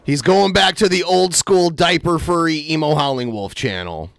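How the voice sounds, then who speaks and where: A man's voice: fairly high pitch, animated, moderate pace, vocal fry, no echo. A man hosting a livestream, cracking jokes at his co-host and thanking viewers. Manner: wisecracking, teasing co-host. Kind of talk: casual livestream chat.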